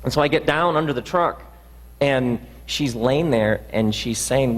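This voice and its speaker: A man giving a reflective storytelling talk, earnest and halting, restarting his sentences often. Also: mid-range voice, long reverb tail, low-quality recording. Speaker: speaker.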